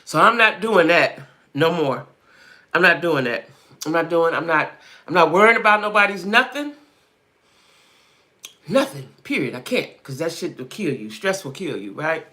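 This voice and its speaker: Animated, emphatic woman live-streaming. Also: low-pitched, normal speed, pauses often. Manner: emphatic, repeats herself, reads comments aloud. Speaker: livestream host. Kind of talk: casual live-stream chat with viewers.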